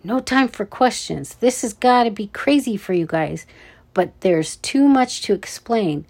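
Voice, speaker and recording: A woman voices a huge, gruff male security guard, giving him a deep, throaty, hulking sound. She delivers urgent, hushed warnings in an animated, slightly rough full character voice, speaking a little slowly.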